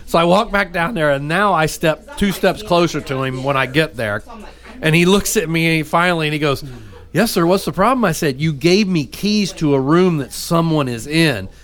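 A man's voice: on the high side, normal speed, a bit bright. A man hosting a radio talk show, telling a funny story with lots of laughter. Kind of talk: storytelling banter.

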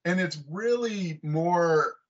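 A man in his forties, a guest on an interview podcast, talking in a halting, self-deprecating way with repeated words and chuckles. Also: high-pitched. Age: 40s. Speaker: guest comic artist. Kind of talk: casual interview chat. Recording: dull lo-fi remote call audio.

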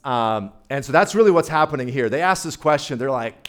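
A man preaching as a guest speaker in a loose, conversational way. He keeps turning to the congregation with questions, in a playful tone. His voice sits at an ordinary middle pitch. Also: lively intonation, brisk. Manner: chatty, playful, talks directly to the audience. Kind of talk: casual sermon.

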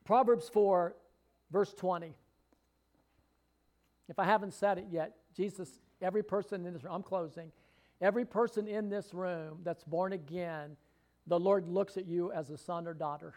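A man delivers a sermon in a church hall, his voice sitting notably high for a man. He preaches with fervor and builds into emphatic, drawn-out readings of scripture. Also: fairly even intonation, darkish tone.

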